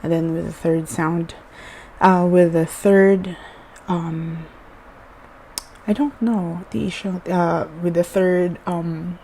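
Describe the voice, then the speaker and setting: A woman giving a casual language lesson at a writing board, hesitant and unhurried, with many fillers and restarts. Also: lowish voice, fairly even intonation, warm tone, a little hiss or hum, poor audio. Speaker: language teacher.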